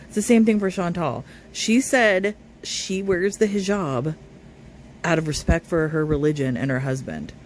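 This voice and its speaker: A man's voice: on the high side, unhurried, slight background noise. A man commentating on a live stream, reading viewer comments aloud and arguing back at them. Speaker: reaction commentator.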